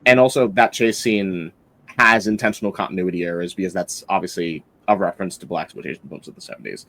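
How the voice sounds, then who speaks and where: Low-ish guy rambling on a film podcast, lots of um and uh. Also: steady tone, quick pace, bright, forceful tone. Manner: rambling, enthusiastic, lots of fillers and restarts. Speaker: podcast host reviewing a film. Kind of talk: casual film-review chat.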